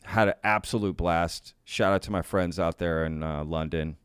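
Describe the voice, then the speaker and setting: An upbeat man hosting a casual live stream, greeting viewers and laughing easily. His voice sits fairly low and comes across smooth and clear. The sound is dry and close to the mic. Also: steady tone, normal speed, no room sound. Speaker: podcast host reading live chat.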